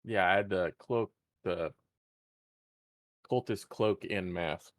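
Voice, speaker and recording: A man playing a tabletop game, answering in a halting way that trails off. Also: sits low, no echo. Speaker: player. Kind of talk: casual tabletop play.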